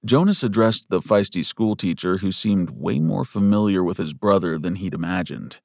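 A man narrating a western novel in measured scripted storytelling. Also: low-pitched, vocal fry, no room sound, studio quality. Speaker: audiobook narrator.

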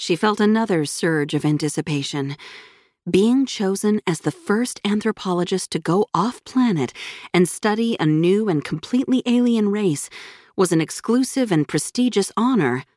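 A woman narrates an audiobook from a script, keeping her storytelling measured and even. Her pitch is medium, and the studio-quality audio carries no room sound.

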